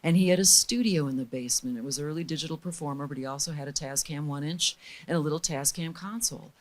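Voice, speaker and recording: A middle-aged woman being interviewed as a guest, telling lively, candid stories and acting out the people she quotes. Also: low voice, fast. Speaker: guest recording engineer. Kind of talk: storytelling in a casual interview.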